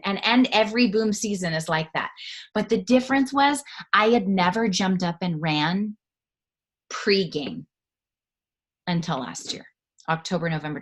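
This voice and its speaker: Woman guest, casual interview talk, excitable and animated, laughs a lot. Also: on the low side.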